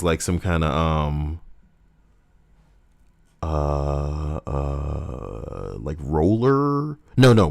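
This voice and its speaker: A man's voice: deep voice, vocal fry. A man chatting casually on a game livestream, profane and rambling. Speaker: game streamer.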